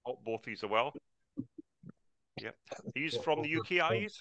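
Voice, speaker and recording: A man's voice: a little high, animated, normal speed, pushed and bright, lo-fi sound. A man hosting a live online trading class over a video call, chatty and greeting each attendee by name.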